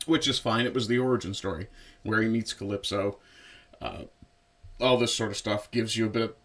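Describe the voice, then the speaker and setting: Relaxed, rambling male film reviewer. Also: fairly low pitch, brisk. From Newfoundland, Canada. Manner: relaxed and conversational, with frequent fillers and asides. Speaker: movie reviewer. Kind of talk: casual spoken film review.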